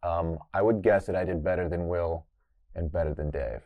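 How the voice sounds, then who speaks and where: A man's voice: deep voice, normal speed, no room sound, narrow, tinny audio. A man competing in a comedic quiz, stalling and trailing off over his answers. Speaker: quiz contestant. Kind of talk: casual comedic quiz banter.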